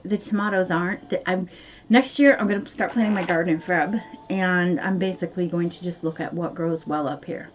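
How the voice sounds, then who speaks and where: A woman's voice: lowish voice, a little hiss or hum. A woman vlogging from home in a rambling, chatty way, full of fillers. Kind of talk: casual chat to camera.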